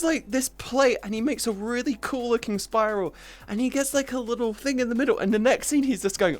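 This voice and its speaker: A woman's voice: a little high, fairly quick, soft background music. A woman streamer in casual livestream chat who laughs often and swears freely as she teases her friends.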